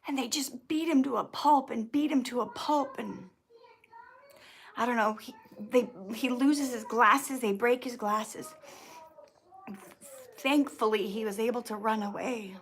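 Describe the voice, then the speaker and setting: A woman hosting a casual livestream, clearing her throat often and restarting her sentences as she tells a personal story, sounding teary. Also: a little high, takes it slowly, pauses often, slight background noise. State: teary, emotional. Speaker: YouTube channel host answering viewer questions.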